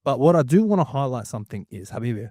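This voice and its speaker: Thirties male host; casual, emphatic interjections, mid pitch, dry room. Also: very animated, fast talker, dark tone, no room sound. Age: 30s. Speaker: podcast host. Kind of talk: casual chat.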